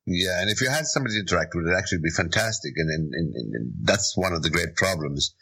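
Emphatic Irish man, husky bright voice. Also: low-pitched, lively intonation, fast talker, rough recording. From Ireland. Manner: emphatic and opinionated. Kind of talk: opinionated talk show chat.

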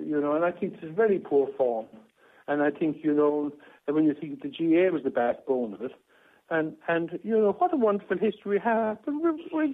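A man's voice: sits high, gravelly. Aggrieved man on a tinny phone line. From Ireland. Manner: aggrieved, rambling with many restarts and repetitions. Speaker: caller. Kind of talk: phone-in radio talk.

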